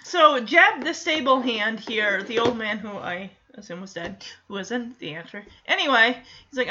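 A woman's voice: on the high side, sing-song, measured pace, pushed and bright, muffled recording. A woman chatting wryly through an episode recap, laughing often and acting out quotes.

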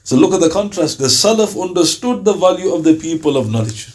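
A man's voice: high-pitched, expressive, fairly quick, darkish tone. A man giving an Islamic lecture, telling stories with acted-out dialogue and driving his points home with emphasis. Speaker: preacher.

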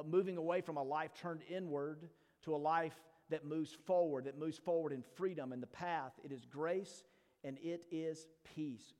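A man preaching a sermon, reading scripture quickly and then slowing down to build rhetorical questions, with playful asides to the congregation. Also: fairly high pitch, darkish tone, big-room sound. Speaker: pastor.

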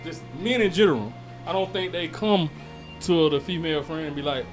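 A man's voice: on the high side, brisk, over music. A man co-hosting a casual podcast chat, telling stories with laughter and acted-out quotes. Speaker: podcast co-host.

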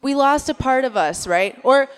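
A woman's voice: high voice, lively intonation, normal speed, clean tone. A stand-up comedian from Minnesota, a woman, nervous on stage and chatting to the crowd in a self-mocking way. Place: on stage at a live show.

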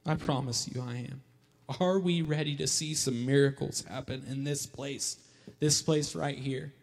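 A male pastor preaching a sermon emphatically, repeating key lines and building to loud calls. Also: medium pitch, moderate pace, gravelly. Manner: emphatic, repeats lines for effect, rising to shouts. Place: church hall. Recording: long hall reverb.

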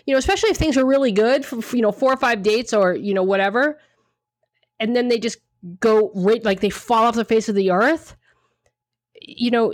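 A woman's voice: a little high, dry recording, clean studio sound. A woman co-hosting a casual talk show, blunt and emphatic, swearing freely as she gives her opinions. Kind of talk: casual chat.

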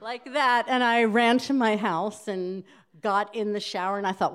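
A middle-aged woman telling a personal story to a live audience, halting and laughing as she goes. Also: mid-range voice, flat delivery, clear, resonant tone. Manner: halting, self-interrupting, laughing through the telling. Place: small hall before a live audience.

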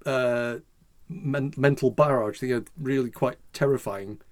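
A man chats casually as a podcast co-host. He rambles and restarts his sentences, filling gaps with "you know" and "I mean," in a voice of middling pitch. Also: steady tone, measured pace, a little mellow. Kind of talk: casual chat.

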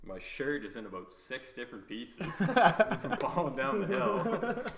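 A man's voice: on the high side, wildly swooping pitch, a little slow, over a noisy crowd. A young man telling a rambling, laughing story in casual chat, swearing often. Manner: rambling, laughing, heavy swearing, quotes himself. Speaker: podcast guest. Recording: echoey room, background noise.

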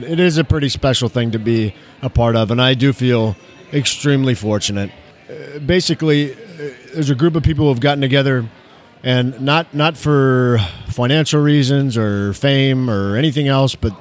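A man talking casually as a guest at an even, middle pitch. He often stumbles and repeats himself and fills gaps with long uhs. He shares sincere thoughts in a loose, conversational way. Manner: stammering, repeats words, many fillers. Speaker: emergency physician and guest. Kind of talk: casual interview chat.

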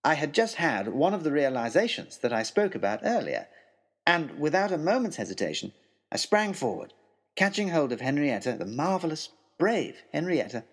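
Man, audiobook narrator, gravelly husky voice, lively dramatic storytelling. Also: medium pitch.

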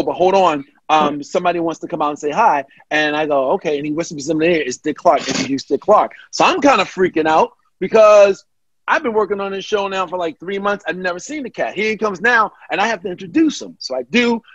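A man's voice: high voice, brisk, no room sound, muffled recording. A man, a guest comedian, telling a story in casual chat and acting out the people he quotes. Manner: animated, acts out quoted voices.

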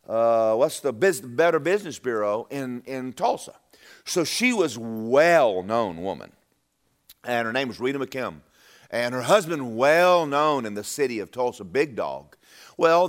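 Lively preaching man, wide-ranging pitch. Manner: animated storytelling with repeated words and stammers; drops low and quiet for quoted speech. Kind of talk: sermon.

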